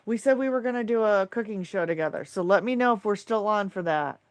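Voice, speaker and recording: A woman's voice: medium pitch, expressive, fairly quick, smooth, no room sound. Effusive woman hosting a livestream. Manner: effusive, thanking viewers by name. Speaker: livestream host. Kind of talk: casual livestream chat.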